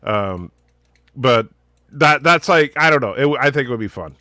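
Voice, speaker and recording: A man hosting a casual podcast chat, excitable and rambling, restarting his sentences. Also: mid-range voice, normal speed, dry recording, clean studio sound. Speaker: podcast host.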